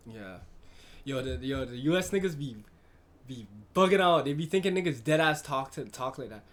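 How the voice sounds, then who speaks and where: A man giving casual reaction commentary, animated and slangy, talking back at a video. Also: medium pitch, normal speed. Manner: animated, slangy, profane, talks over the clip.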